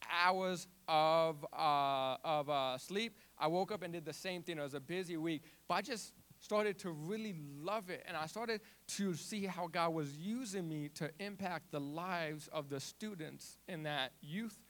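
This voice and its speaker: Young man, stutter, animated testimony, higher-pitched voice. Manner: repeats and restarts words, animated storytelling. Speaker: youth ministry volunteer. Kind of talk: personal testimony.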